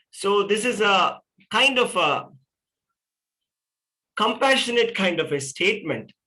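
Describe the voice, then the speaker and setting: A middle-aged man gives a scripture lecture in a high, bright voice. He explains patiently and keeps asking rhetorical questions, then answers them himself. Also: lively intonation, slow pace, long pauses, poor audio. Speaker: spiritual teacher.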